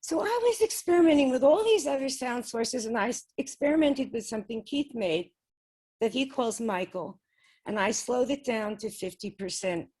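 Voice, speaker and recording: As an interview guest, a woman casually recounts her personal experiments with spirit communication, slipping small laughs between sentences. Her voice is fairly high, animated, darkish and slightly rough, at a normal speed.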